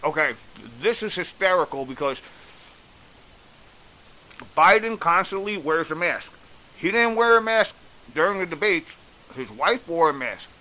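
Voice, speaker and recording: A man's voice: high voice, bright, forceful tone, poor audio. A man giving a blunt, exasperated opinion rant, swearing freely as he recaps and criticizes. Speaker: commentator. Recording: faint hiss.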